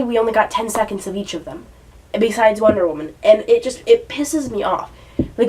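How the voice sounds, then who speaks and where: A woman's voice: medium pitch, a little mellow, distant mic, poor audio. A young woman reviewing a movie in a casual vlog, ranting and swearing in exasperation.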